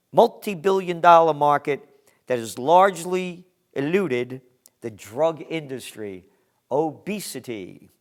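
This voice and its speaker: A man hosting a news commentary monologue, reading headlines and adding emphatic, sarcastic asides. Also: medium pitch.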